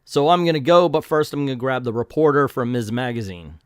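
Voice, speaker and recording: A man's voice: medium pitch, lively intonation, fairly quick, clear, resonant tone, dry recording, clean studio sound, natural voice. A man reading as a pompous gloating male villain. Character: arrogant male supervillain boasting.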